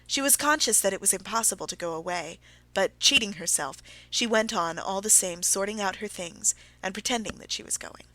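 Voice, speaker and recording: Bright-voiced woman audiobook narrator. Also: mid-range voice, a little fast, no room sound. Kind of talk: classic novel narration.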